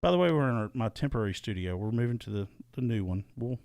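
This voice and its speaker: Brief: male podcast co-host, lively swooping delivery, stumbling restarts, dry close sound. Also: medium pitch, quick pace, no room sound. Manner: rambling, animated, repeats and restarts words. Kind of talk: casual podcast chat. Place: small soundproofed home studio.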